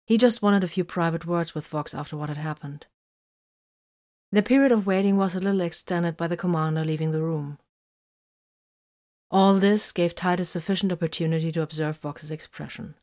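A woman reads an audiobook aloud with a steady, even storytelling delivery. Her voice is fairly low in pitch and her pace is normal.

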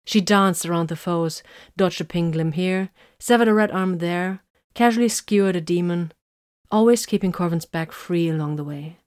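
A woman reading a fantasy story as narrator, with steady, measured storytelling. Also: fairly low pitch, clean tone, dry recording, clean studio sound. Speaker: audiobook narrator. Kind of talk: scripted narration.

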